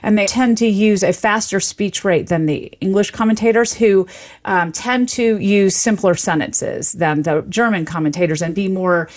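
A woman's voice: medium pitch, normal speed. Enthusiastic woman linguist explaining. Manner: enthusiastic, lecturing, laughs often. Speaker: linguist guest expert. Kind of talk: explanatory interview talk.

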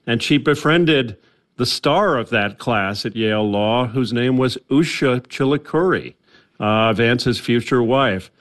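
A man's voice: medium pitch, measured pace. A male journalist talking as a guest on a radio news interview, conversational, with frequent restarts.

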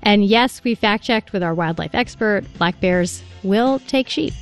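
A woman's voice: mid-range voice, lively intonation, measured pace, soft background music. A woman hosting a radio science show in a polished, upbeat way. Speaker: radio host.

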